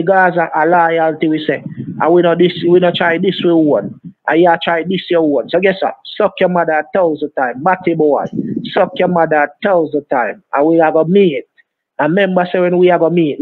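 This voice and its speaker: A man's voice: on the high side, no room sound. A man with a Jamaican accent, taunting and threatening over and over in a heated phone argument. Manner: taunting, threatening, repeats insults. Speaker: phone scammer. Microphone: phone call. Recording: dry tinny phone line.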